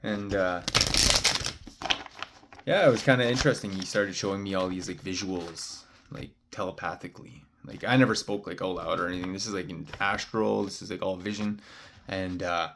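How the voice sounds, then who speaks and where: A man's voice: low voice, fairly even intonation, moderate pace, vocal fry, a bit bright, slight background noise. A man, a spiritual card reader, telling a meandering story in casual talk, full of "uh" and "like". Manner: meandering, heavy on "uh" and "like" fillers.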